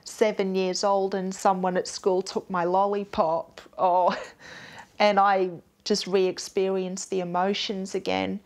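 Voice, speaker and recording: A young Australian woman in a casual interview, recalling dates in a precise, matter-of-fact way. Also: mid-range voice.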